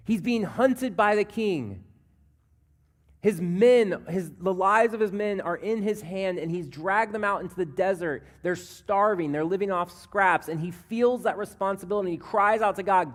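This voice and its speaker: A man pastor preaching a sermon, earnest, dropping to a hush and then rising as he voices scripture. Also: sits high, measured pace. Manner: earnest preaching that drops to a hush and swells when voicing scripture. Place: church sanctuary.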